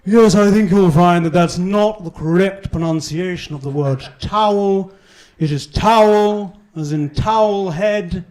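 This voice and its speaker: A young man from Northern Ireland voicing a pompous, haughty upper-class Englishman who speaks slowly and with scorn, in a live comedy set. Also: sits high, a little mellow. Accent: Northern Irish performer putting on posh English. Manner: slow, drawn-out, condescending. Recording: live club recording with audience noise.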